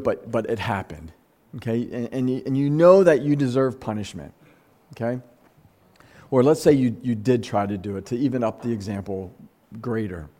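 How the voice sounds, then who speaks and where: A man's voice: medium pitch, mellow. A man preaching a conversational sermon, earnest and close to tears, often restarting his sentences. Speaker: pastor.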